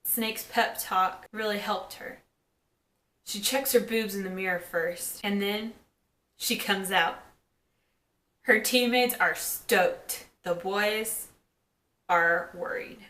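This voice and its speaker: A woman giving a casual recap of a TV episode, chatting and quoting characters in quick asides. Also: medium pitch, a bit bright. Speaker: TV episode reviewer. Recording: echoey room.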